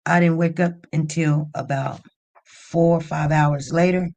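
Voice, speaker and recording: A woman hosting a livestream, telling a story in a lively, animated way and rising to near-shouts when upset. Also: deep voice, a little slow, creaky. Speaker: livestream host.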